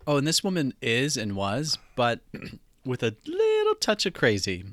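Animated man telling a funny story. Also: mid-range voice, measured pace, no echo. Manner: animated, acts out quoted voices, laughs often. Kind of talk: casual storytelling chat.

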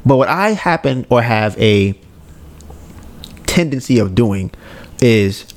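A man's voice: mid-range voice, takes it slowly. Laid-back, rambling male podcast host. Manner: laid-back, admits a monotone delivery; rambling, self-correcting, swears casually. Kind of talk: casual podcast chat.

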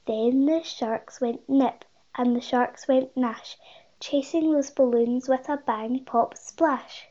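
A woman reading a rhyming children's picture book aloud, with a lively sing-song delivery and bigger voices for the characters. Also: fairly high pitch, takes it slowly, lo-fi sound. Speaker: storybook reader.

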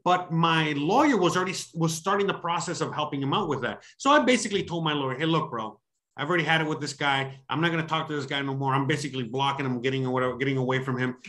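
A man telling a story in casual chat. He rambles, swears a lot, keeps saying "you know what I mean", and acts out heated quotes with sudden loud, high bursts. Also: quick pace. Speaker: expat services provider telling a story.

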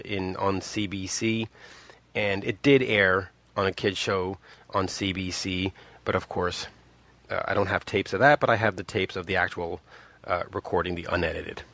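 A man's voice: steady tone, moderate pace, a bit bright, dry recording. A man in his fifties from Montreal, casually telling a personal story in a rambling way, restarting often and acting out the people he quotes. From Montreal, Canada. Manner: rambling, with many restarts and asides; acts out quoted people with big pitch jumps.

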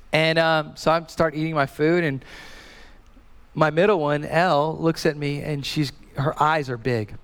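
Man, 30s, pastor, lively sermon, repeats words, slightly high voice, long hall reverb. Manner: animated storytelling, repeats and restarts words.

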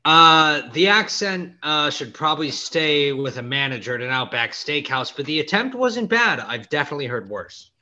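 A man's voice: on the high side, big pitch swings, moderate pace, few pauses, bright, forceful tone, muffled recording. A man co-hosting a tennis podcast, teasing his partner with dry wit. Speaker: podcast co-host. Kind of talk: casual tennis podcast chat.

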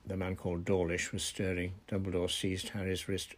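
A man reading a novel aloud in steady, deliberate narration. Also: sits low. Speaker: reader. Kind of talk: audiobook narration.

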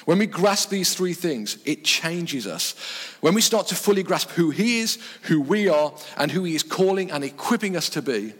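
A man preaching a sermon in earnest short phrases, dropping his voice low on key words. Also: lively intonation, normal speed, hardly any pauses. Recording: long reverb from a hall.

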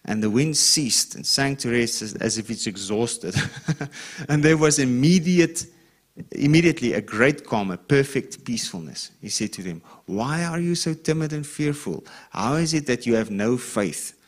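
A man's voice: mid-range voice, lively intonation, normal speed. A man preaching a sermon in a conversational way, reading scripture aloud and often checking in with the listeners. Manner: reads scripture with rising emphasis. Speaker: pastor.

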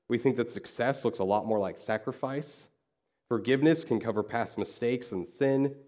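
A man's voice: medium pitch, darkish tone. A man preaching a sermon in a conversational way, telling a story and acting out the dialogue. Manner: conversational, acts out quoted dialogue. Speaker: pastor. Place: church.

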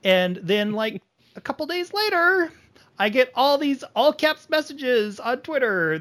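A man hosting a casual podcast, chatting with his guests in a lively way. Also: very high-pitched, unhurried. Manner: lively, animated delivery. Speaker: podcast host.

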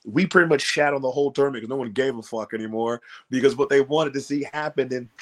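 A man, a pro wrestler, telling a story in a podcast interview, animated and acting out his own lines. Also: medium pitch, fast talker. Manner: animated, acts out quotes, swears freely.

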